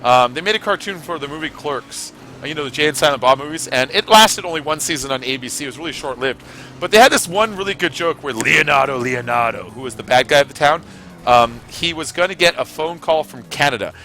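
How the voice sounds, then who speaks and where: With a fairly high, sharp voice, a man from California riffs animatedly and briskly through a racing game on stream, cursing freely. There's a slight hiss or hum on the recording.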